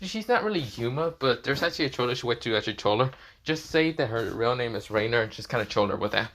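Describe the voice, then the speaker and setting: Bright-voiced man rambling through a story. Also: medium pitch, expressive, quick pace, a little hiss or hum. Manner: rambling, with frequent fillers and restarts. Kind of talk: casual improvised story narration.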